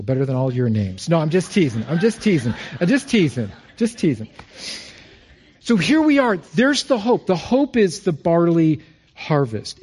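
A male pastor preaching a sermon, telling stories with emphasis and going quiet on key phrases. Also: on the high side, slightly rough. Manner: storytelling, quotes others in lively voices.

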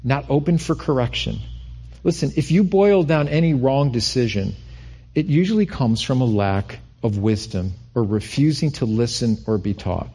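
A middle-aged man delivers a sermon with a slightly husky voice. He talks in a loose, conversational way, stumbling into restarts, then climbing in pitch to press a point home. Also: expressive, moderate pace, dark tone. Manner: conversational preaching with repeated restarts and rising emphasis. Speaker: pastor.

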